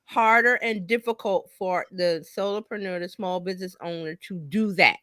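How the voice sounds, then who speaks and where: A middle-aged woman co-hosting a casual business chat, animated and jumping high in pitch when she quotes herself. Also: normal speed, dry recording, studio quality. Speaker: co-host, business coach. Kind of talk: casual live-stream chat.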